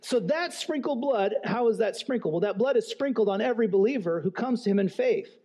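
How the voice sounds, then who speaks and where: A man's voice: high voice, animated, a little fast, warm tone, slightly rough. A man preaching a sermon in an earnest, emphatic way, posing rhetorical questions and repeating key phrases. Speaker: pastor.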